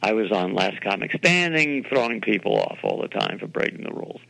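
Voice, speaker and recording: An older man from New York City, a television producer being interviewed, telling animated anecdotes and acting out the voices of people he quotes. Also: on the low side, brisk, gravelly, rough recording. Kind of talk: interview storytelling.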